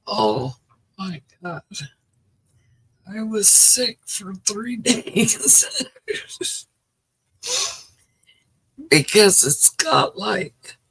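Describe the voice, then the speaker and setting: A woman's voice: medium pitch, gravelly, fairly bright tone, slightly rough, poor audio. A middle-aged woman hosting a livestream, telling stories in casual chat and laughing often. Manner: chatty storyteller, laughs often. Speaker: livestream host.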